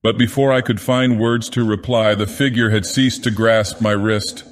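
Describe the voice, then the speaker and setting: Dagoth Ur, a man doing a deep brooding god-villain. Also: fairly even intonation, moderate pace, lightly acted. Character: deep ancient male god-villain, grandiose and menacing. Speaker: narrator. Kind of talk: dramatic horror reading. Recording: long reverb.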